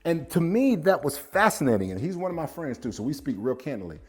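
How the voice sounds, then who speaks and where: A man's voice: on the high side, sing-song, quick pace, faint music behind. A man, a former football player turned business coach, telling a story to camera and quoting a friend aloud with frequent laughs.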